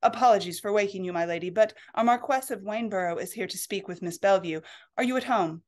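A woman voicing a stiff, dignified male butler who announces a visitor in a hurried, formal way. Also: medium pitch, darkish tone, lightly acted.

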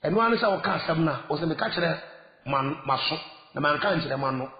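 A man with a Ghanaian accent preaching a sermon as an evangelist, dropping to low murmurs and then rising into shouted outbursts. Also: animated, fast talker. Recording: echoey hall, muffled lo-fi sound.

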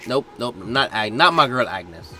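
A man's voice: medium pitch, big pitch swings, unhurried, bright, forceful tone. A man co-hosting a reaction video, chatting casually with slangy asides and frequent laughter.

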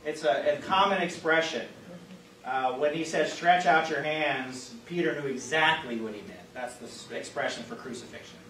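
A man's voice: on the high side, normal speed, sharp tone. A man with a Midwestern American accent, a pastor leading an interactive Bible class, speaking conversationally with many fillers and questions put to the group. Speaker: pastor teaching a Bible study. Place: church classroom. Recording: roomy, distant mic, faint hiss.

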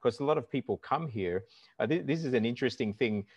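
A middle-aged man explaining language points in an animated, instructive way, speaking aloud examples as he goes. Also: mid-range voice, fast, husky, dry recording. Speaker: language teacher and guest. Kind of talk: explanatory conversation. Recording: dull lo-fi call audio.

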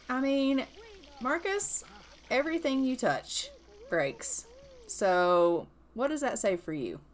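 A woman narrating her life-sim gameplay in casual, chatty style, sarcastic and quick to exclaim. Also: on the high side. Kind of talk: casual let's-play narration.

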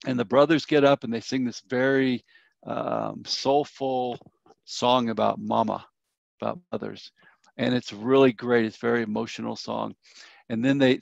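A middle-aged man, teaching a grief workshop as a church elder. He tells his story earnestly, with a gravelly edge, and often sinks into a soft, low tone. The sound is dry and a little muffled. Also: dry recording. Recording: slightly dull, dry sound.

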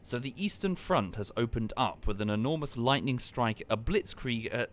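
A man casually commenting on a live game stream and explaining history at length in a relaxed, wry way. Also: mid-range voice, normal speed, slight background noise.

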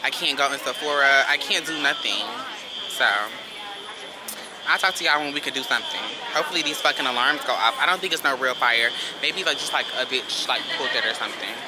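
A woman's voice: extremely low pitch, a little fast, crowd noise. A woman vlogging casually into her phone while walking around a shopping market, blunt and profane. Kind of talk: casual vlog chat. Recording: loud background noise.

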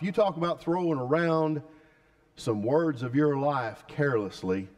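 Male pastor, sermon, emphatic, asks the congregation questions, fairly high voice. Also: lively intonation, unhurried, a little mellow.

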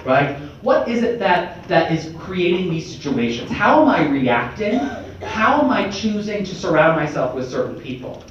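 A man's voice: high-pitched, moderate pace, far from the mic. Young male lawmaker, upbeat conversational speech to students, recording dull with faint noise underneath. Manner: energetic, conversational, often asks "right?". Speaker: state representative giving a talk to students. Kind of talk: motivational speech. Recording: echoey hall, mic from afar, dull.

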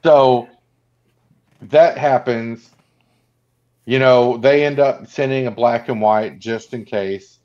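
A man's voice: mid-range voice, fairly even intonation, a little mellow. Podcast co-host, male, casual retelling of film scenes, dull recording. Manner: retells scenes acting out lines in quick voices. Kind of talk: casual movie recap chat. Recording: dull lo-fi sound.

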